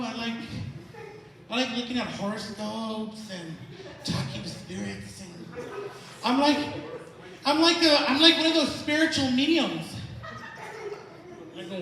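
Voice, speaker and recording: A man from El Paso, Texas, with a strikingly high voice, doing a stand-up set full of brash, profane crowd work. His voice comes from far off the mic and rings through a big, echoey theater hall. A loud ambient wash sits under everything. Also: expressive, moderate pace, noisy background. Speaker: stand-up comedian. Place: historic theater stage.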